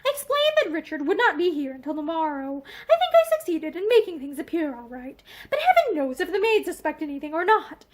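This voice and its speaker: A woman's voice: extremely high pitch, big pitch swings, brisk, hardly any pauses. A woman voicing a stern middle-aged society mother who gives curt, commanding orders in a storybook reading. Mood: scolding.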